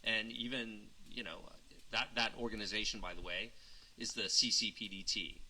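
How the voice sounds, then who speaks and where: Deep voiced guy, measured and serious, bright tone. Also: fairly even intonation, breathy edge, low-quality recording. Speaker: dog trainer in a played clip. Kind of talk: calm spoken commentary.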